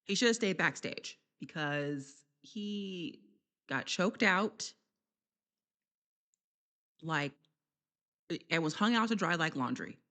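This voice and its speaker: A woman giving a casual, chatty wrestling recap vlog, laughing often and filling pauses with slang and ums. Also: lowish voice, lively intonation, a bit bright.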